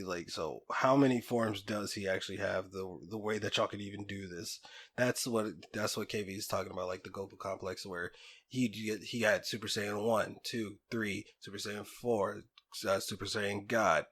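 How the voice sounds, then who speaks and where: A young man co-hosting a casual podcast, talking animatedly about anime villains and often laughing. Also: lowish voice. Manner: animated, laughs often, does silly impressions. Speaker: podcast co-host. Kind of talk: casual chat.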